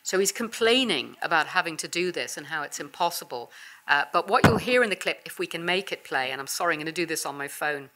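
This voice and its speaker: A woman's voice: sits low, expressive, fast, bright, forceful tone. A woman giving a visiting professor's seminar talk, conversational and full of small restarts. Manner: conversational, with fillers and self-corrections. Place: university seminar room.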